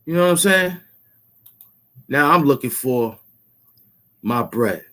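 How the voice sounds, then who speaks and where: A man's voice: medium pitch, animated, slow pace, sharp tone. A man hosting his own channel, taunting and repeating himself as he demands money he says he is owed. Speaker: YouTube show host. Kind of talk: confrontational rant to camera.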